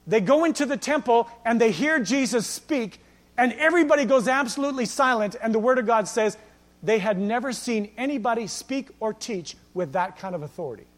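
A male pastor preaching a sermon, telling stories in a lively way and acting out the lines he quotes. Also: extremely high pitch, brisk. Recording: long reverb of a church hall.

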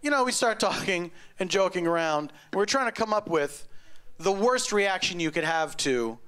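Man, stand-up comic, sharp bright voice, slightly high, wry deadpan delivery, middle-aged. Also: moderate pace, smooth. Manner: wry, deadpan storytelling with sudden loud outbursts. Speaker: stand-up comedian. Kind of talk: stand-up comedy set. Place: comedy club stage before a live audience.

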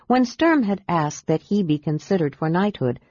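Low-voiced woman reading a fantasy audiobook. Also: expressive, normal speed, a little mellow, no room sound. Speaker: audiobook narrator. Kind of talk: scripted narration. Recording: dull dry audiobook recording.

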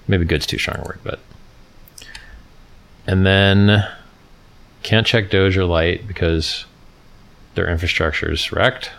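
Sarcastic low-voiced man chatting on a livestream. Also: a bit bright. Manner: sarcastic, rambling, mocking; reads from the screen and chats with viewers. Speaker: livestream host. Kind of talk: casual livestream commentary.

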